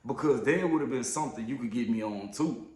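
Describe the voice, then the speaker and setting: A truck-driving man rants through a story in a plain middle-pitched voice. His talk is casual, profane and emphatic, heating up as he goes. The sound carries a roomy echo. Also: fairly quick, a little mellow. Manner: heated, profane and emphatic, rising when riled. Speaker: truck driver and vlogger.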